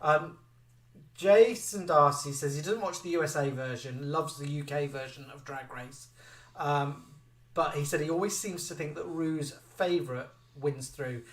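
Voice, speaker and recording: A man co-hosts a casual live chat, reading viewer comments with animated energy. His voice sits a little high. He is set back from the mic in an echoey room. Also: a little slow, distant mic.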